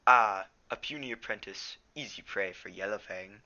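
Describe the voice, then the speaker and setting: A man's voice: lowish voice, moderate pace, pushed and bright, highs cut off. A teenage boy voicing an old, scarred rogue she-cat, hissing and taunting.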